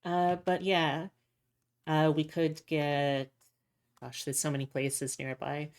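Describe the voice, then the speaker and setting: A woman's voice: sits low, flat delivery, takes it slowly. A woman streamer chatting casually with her viewers in a rambling, indecisive, self-mocking way. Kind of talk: casual livestream chat.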